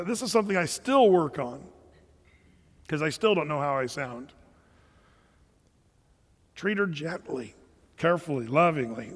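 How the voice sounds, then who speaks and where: A man's voice: high voice, big-room sound. A middle-aged man preaching a sermon in a conversational, storytelling way with frequent restarts. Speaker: pastor.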